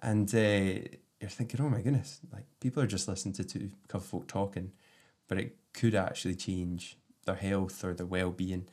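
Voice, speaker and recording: A man hosting a casual interview chat, an affirming listener who turns reflective and soft-spoken when telling his own stories. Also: low-pitched, level tone, normal speed. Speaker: podcast host.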